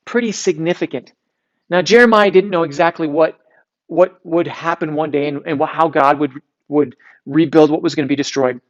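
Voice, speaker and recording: A man preaching to a youth group in a relaxed, conversational way, reading scripture aloud with frequent restarts. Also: a little high, moderate pace, muffled recording. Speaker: youth pastor. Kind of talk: sermon.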